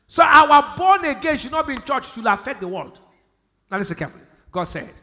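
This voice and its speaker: A man with a Nigerian English accent preaching a sermon, quoting scripture and bursting into shouted emphasis. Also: high-pitched, lively intonation, a little fast. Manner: preaching with sudden shouted emphasis and Bible quotes. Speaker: pastor. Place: large church hall. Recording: live church hall with long reverb.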